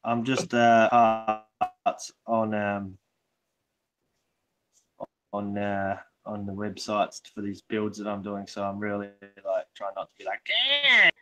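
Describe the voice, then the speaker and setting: A man's voice: on the low side, little pitch movement, slow. A man chatting as a guest, hesitant, with a loose, easygoing delivery. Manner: loose, hesitant, lots of ums. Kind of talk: casual chat. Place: online video call.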